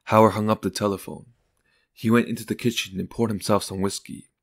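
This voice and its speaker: A man reading a short story aloud in calm, unhurried scripted narration. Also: on the low side. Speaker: audiobook narrator.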